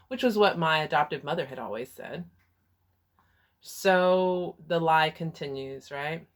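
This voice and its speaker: A woman's voice: low voice, unhurried. A woman from Texas with a Texas accent, telling a personal story in a frank, candid way with some hesitations. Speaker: vlogger and life coach.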